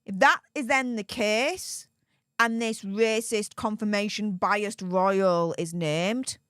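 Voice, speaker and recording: A woman's voice: mid-range voice, takes it slowly, fairly bright tone, clean tone, dry recording, studio quality. A woman, giving casual opinion commentary and posing rhetorical questions to her viewers. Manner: chatty, rhetorical questions, speculative. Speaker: commentary vlogger.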